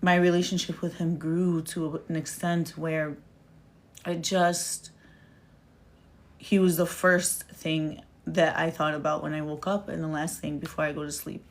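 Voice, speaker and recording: A young woman with a slightly low voice speaks from the heart on a live stream. She is close to tears and keeps circling back, repeating words to drive them home. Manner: earnest, repeats words for emphasis, many restarts. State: tearful, near crying. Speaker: speaker sharing her story.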